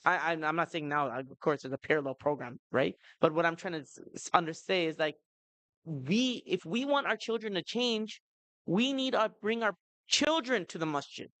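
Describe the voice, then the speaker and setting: Talking at normal speed in a slightly bright voice on the high side, a man in his thirties chats with parents at a community family seminar, throwing in many "you know" and "right?" asides. The recording is dry and low quality.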